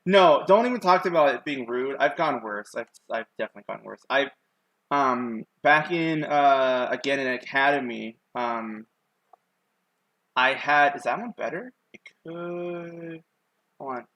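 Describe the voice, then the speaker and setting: Sketching on stream, a young man talks at a measured pace in a mid-range, slightly bright voice, rambling to his viewers with plenty of ums and likes. The recording has no echo.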